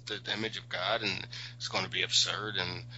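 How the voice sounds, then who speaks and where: A man co-hosting a casual podcast, discussing a TV show in halting, restarting sentences. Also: sits low, flat delivery, bright, forceful tone, slightly rough, muffled recording. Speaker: podcast co-host. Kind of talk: casual TV recap chat.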